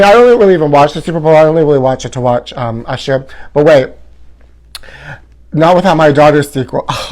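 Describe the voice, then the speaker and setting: A man's voice: fairly high pitch, a little mellow. A man hosting a live gossip stream from home in a campy, theatrical way, reading viewer comments aloud and calling everyone honey. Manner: reads fan comments aloud. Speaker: host.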